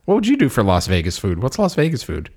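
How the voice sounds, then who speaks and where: Podcast co-host, male, casual and jokey, lively pitch, laughs a lot. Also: fast talker, slightly rough. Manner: playful, joking, laughs often. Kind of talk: casual chat.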